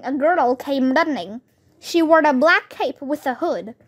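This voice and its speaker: A woman narrating a children's book aloud with steady, clear storytelling. Her voice is high and her pace slow and careful.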